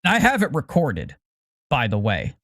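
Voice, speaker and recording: A man's voice: medium pitch, huge pitch swings, measured pace, fairly bright tone, no room sound, clean studio sound. A podcast co-host in his forties talks in a casual, careful way and restarts his words often. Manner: careful, hedging, repeats words when starting.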